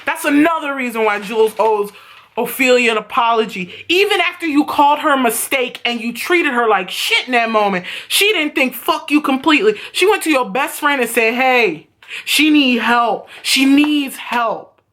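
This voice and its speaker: A young woman recapping a TV episode casually, animated and profane, acting out characters' lines as she goes. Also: high-pitched, fairly quick. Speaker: TV show reviewer.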